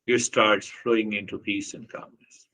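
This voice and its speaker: Earnest man giving a spiritual talk, bright forceful voice, keeps repeating himself. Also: on the low side, level tone, a little slow, rough recording. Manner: earnest, repetitive, with short laughs and acted quotes. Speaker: spiritual teacher.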